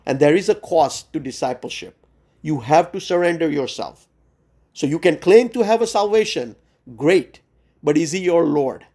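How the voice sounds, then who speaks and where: Earnest preacher man, slightly high voice. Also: lively intonation, moderate pace, darkish tone, slightly rough. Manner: earnest and urgent, frequent "uh" and "right?" fillers. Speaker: Bible study teacher. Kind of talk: sermon-style Bible teaching. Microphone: Zoom call.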